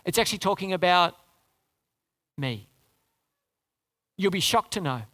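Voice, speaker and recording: A woman's voice: lowish voice, lively intonation, a little slow, a bit bright. A woman preaching a sermon in an earnest, conversational way, asking rhetorical questions and repeating phrases for emphasis.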